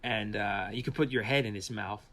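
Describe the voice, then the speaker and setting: A man's voice: fairly low pitch, normal speed. A man from France, a visual effects artist, telling stories in a casual interview with many restarts and acted-out quotes. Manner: animated storyteller, acts out quoted voices, many restarts.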